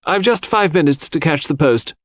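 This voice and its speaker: A man's voice: lively intonation, normal speed, no echo, clean studio sound, close to an everyday voice. A man voicing an imperious older lady giving orders in a storybook reading. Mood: commanding. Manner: loud, high and commanding.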